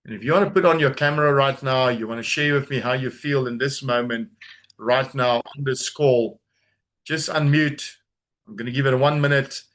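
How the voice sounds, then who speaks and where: A man leads a group through a grounding exercise on a video call. He speaks slowly and soothingly in a mid-range voice, repeating phrases and leaving pauses for the listener to breathe. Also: mid-range voice, steady tone, fairly bright tone. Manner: slow, soothing, repetitive guidance with pauses. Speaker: trauma coach leading a group call.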